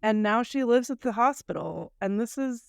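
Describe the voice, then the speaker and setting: A woman in her thirties from the United States, co-hosting a casual podcast and retelling a story with lively acted-out asides. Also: fairly high pitch, normal speed, vocal fry, clear, resonant tone, no room sound, clean studio sound. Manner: animated storyteller, acts out quoted lines. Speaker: podcast co-host.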